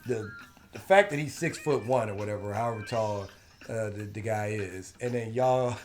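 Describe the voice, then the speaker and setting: A man co-hosting a casual comic book debate show, talking in an animated, slangy way and often repeating himself. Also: fairly low pitch, normal speed. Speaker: podcast co-host.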